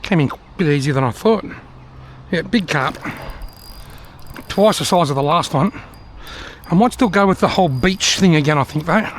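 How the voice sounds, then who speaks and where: A middle-aged Australian man talks casually to his camera as he fishes, chatting with himself and cracking dry jokes. His voice sits fairly high for a man. He is recorded outdoors by a river, with faint noise in the background. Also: lively intonation, normal speed. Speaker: fishing vlogger. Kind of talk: casual vlog commentary.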